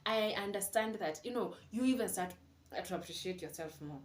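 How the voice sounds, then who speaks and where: A young woman vlogs from a room at home, speaking to camera in a candid, confiding way and slipping Swahili words into her casual, reflective monologue. Her pitch is medium and her pace moderate, and the room sounds echoey with faint ambient noise.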